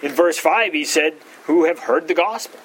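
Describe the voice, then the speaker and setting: A man with a fairly high voice leads a verse-by-verse Bible study. He hammers key words with sudden jumps in pitch and often backs up to restart a phrase. A faint hum of room noise sits under his voice. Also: moderate pace, fairly bright tone, rough recording. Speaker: Bible teacher.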